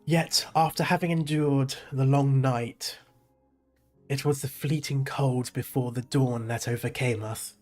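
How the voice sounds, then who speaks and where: A man voices an aged, remorseful priest who speaks slowly and gravely, with a faint tremble in his delivery. His pitch sits in an ordinary middle range. Quiet game music plays underneath. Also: steady tone, lightly acted. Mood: solemn. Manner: slow, solemn reading with a slight shake. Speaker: game player reading dialogue aloud.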